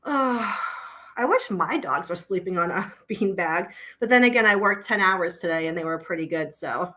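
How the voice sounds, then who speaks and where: A woman's voice: on the low side, expressive, normal speed, pushed and bright, poor audio. Blunt, breathless woman chatting on a live stream. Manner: blunt, swears freely, chats to viewers and dogs. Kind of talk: casual live-stream chat. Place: home, indoors.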